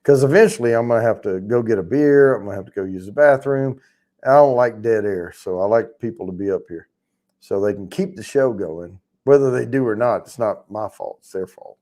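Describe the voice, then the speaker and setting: A man's voice: fairly low pitch, brisk, warm tone. A man hosting a casual livestream, rambling and chatting with viewers in the chat, swearing freely as he talks. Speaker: livestream host.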